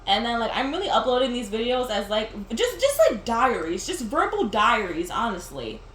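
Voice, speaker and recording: A woman's voice: fairly high pitch, sing-song, moderate pace, a bit bright, slight background noise. A young woman chatting while she plays a video game, rambling and laughing, with a lot of "like". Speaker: gaming video host. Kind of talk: casual chat while playing a game. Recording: roomy sound with game music behind.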